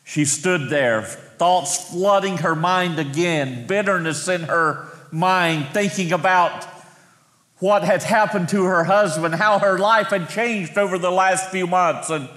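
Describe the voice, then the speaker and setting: Middle-aged male pastor, higher voice, storytelling sermon, long reverb in a church hall. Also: fairly bright tone. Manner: storytelling, slows for emphasis. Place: church sanctuary.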